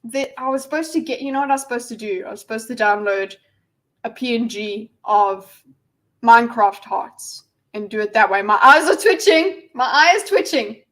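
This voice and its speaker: A woman chats her way through a casual livestream. Her voice sits a little high. She rambles, giggles and pokes fun at herself as she fiddles with her setup. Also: expressive, normal speed, a bit bright, poor audio. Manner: rambling, giggly, self-deprecating. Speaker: livestream host.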